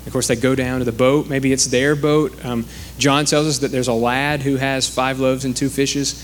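A man's voice: mid-range voice, little pitch movement, moderate pace, a little hiss or hum. A man preaching a sermon in a conversational way, acting out the quoted speakers.

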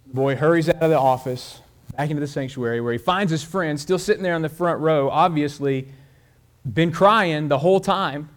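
A man preaching a sermon, telling a story and speeding up and slowing down as he goes. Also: a little high. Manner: storytelling with shifts of pace and loudness. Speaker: pastor.

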